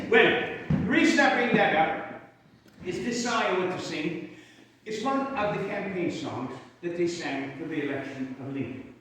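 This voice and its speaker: A man with an Irish accent plays an Irish Union soldier in character, mixing storytelling and sung songs with folksy, rambling asides to the audience. His high, somewhat bright voice keeps a measured pace. Recorded from a distant mic in an echoey hall, there's slight background noise.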